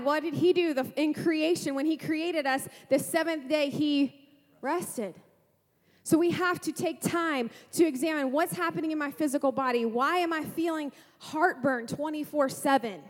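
A woman pastor preaching a sermon to a congregation, lively, asking rhetorical questions and making playful asides. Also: sits high, in a large hall.

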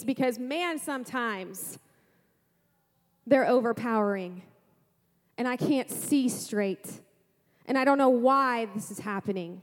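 A woman pastor preaching a sermon to a congregation, lively, asking rhetorical questions and making playful asides. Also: high voice, normal speed, in a large hall.

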